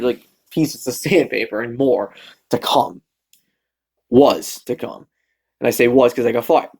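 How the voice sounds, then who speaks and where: A young man telling a rambling story about his job on a vlog, often losing his thread and correcting himself, swearing freely. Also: a little high. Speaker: vlogger.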